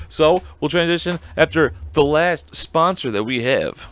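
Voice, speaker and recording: A man's voice: fairly high pitch, expressive, a little slow, hardly any pauses, a bit bright, no echo. A man hosting a podcast alone, chatting casually in a rambling, profane, self-mocking way. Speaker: podcast host. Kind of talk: casual solo chat.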